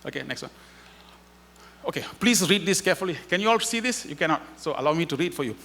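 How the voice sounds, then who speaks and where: A man's voice: a little high, lively intonation, quick pace, sharp tone. A man giving an inspirational spiritual talk at a festival as a guest speaker, telling stories animatedly and acting out their dialogue. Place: festival hall.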